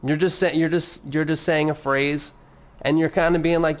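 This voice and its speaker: A man's voice: fairly high pitch, fairly even intonation, moderate pace. A man hosting a casual solo podcast, rambling and swearing as he mocks himself. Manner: rambling, profane, self-mocking. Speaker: podcast host.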